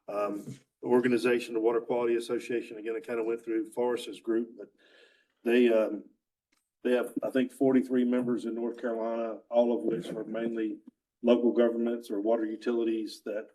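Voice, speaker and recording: A man's voice: on the low side, dark tone, husky, low-quality recording. A man chairing a public commission meeting, introducing the next presenter in a loose, informal way.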